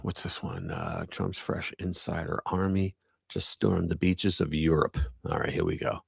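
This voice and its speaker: A man hosts a casual live stream, chatting offhandedly and muttering as he hunts for stories. His voice is gravelly and moves lively up and down, and it sounds close and dry. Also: deep voice, normal speed, no room sound.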